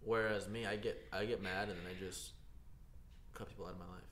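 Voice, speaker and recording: A man's voice: low voice, steady tone, brisk, fairly bright tone. Rambling man saying "dude" in an echoey room. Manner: rambling, says dude a lot, loses his train of thought. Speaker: podcast co-host. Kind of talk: casual chat. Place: library. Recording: echoey room with faint noise.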